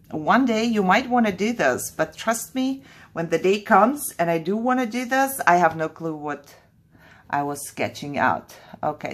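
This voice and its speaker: A woman hosting a crafting video, chatting casually and laughing at herself as she works at her craft table. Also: sits low. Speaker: craft channel host. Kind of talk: casual crafting tutorial chat.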